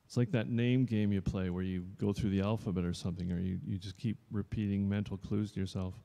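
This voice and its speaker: A man's voice: fairly low pitch, steady tone, fairly quick, vocal fry, warm tone. A man in his fifties, an actor, talking casually to a live audience, rambling and joking with them. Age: 50s. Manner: chatty and rambling, jokes with the audience. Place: showroom. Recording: long reverb in a showroom.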